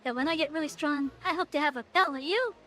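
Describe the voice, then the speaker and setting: A woman's voice: high voice, fast talker, a bit bright, soft background music. A young woman streaming a game, chatting playfully with her viewers. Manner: chatty, playful, talking to chat. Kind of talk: casual live game stream chat.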